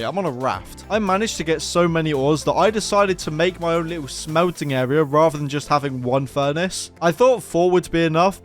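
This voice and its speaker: A man narrating his survival game with jokey, self-mocking asides and sarcastic humor. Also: fairly high pitch. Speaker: Minecraft YouTuber. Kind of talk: playful gaming commentary. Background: background music.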